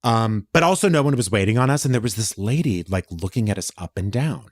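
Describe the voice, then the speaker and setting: A man co-hosting a podcast, telling a story with a voice that swings widely up and down. He talks in a casual, animated way, gets defensive quickly and swears often. The sound is dry and close, with no room around it. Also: on the low side, no echo. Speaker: podcast co-host. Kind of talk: casual chat.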